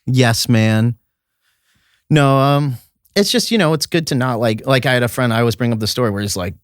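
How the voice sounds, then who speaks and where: A man's voice: on the low side, a little fast, dry recording, studio quality. A young man from Vermont, a comedian guest chatting casually and rambling with lots of fillers. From Vermont, USA. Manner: rambling, filler-heavy, laughs often. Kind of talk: casual podcast chat.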